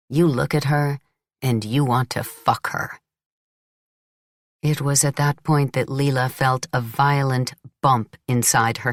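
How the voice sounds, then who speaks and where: Very deep-voiced woman narrating. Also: no echo, clean studio sound. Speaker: audiobook narrator. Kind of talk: scripted narration.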